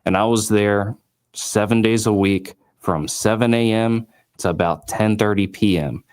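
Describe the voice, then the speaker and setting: A man in his late twenties, a company founder, telling his story in an interview with lively quoted dialogue and many fillers. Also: fairly low pitch, measured pace, clear, resonant tone.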